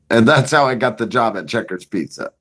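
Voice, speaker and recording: A man casually telling a story on his own show, swearing often, laughing now and then, and acting out the scenes. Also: medium pitch. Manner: profane, laughing, animated retelling. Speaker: vlogger.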